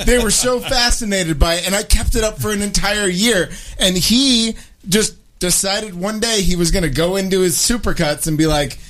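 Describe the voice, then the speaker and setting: A man's voice: high-pitched, normal speed, hardly any pauses, fairly bright tone. A man chatting as a radio guest, telling stories animatedly and laughing often. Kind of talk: casual chat.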